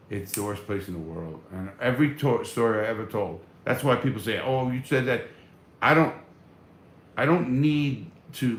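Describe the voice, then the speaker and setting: A man's voice: on the low side, reverberant, a little hiss or hum. A man hosting a casual live stream, reading viewer comments and answering in a blunt, profane, fired-up way.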